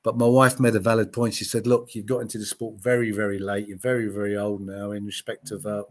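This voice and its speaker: A fast, flat-sounding speaker with a lowish voice, this former TV gladiator in his late sixties tells stories in an informal interview. He acts out the voices of those he quotes, and "you know" crops up often.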